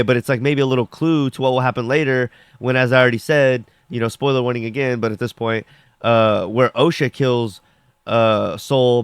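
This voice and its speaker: A man's voice: mid-range voice, clean tone, no echo, studio quality. Rambling casual man reviewing an episode. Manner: rambling, filler-heavy with frequent "like"; acts out characters' lines while recapping.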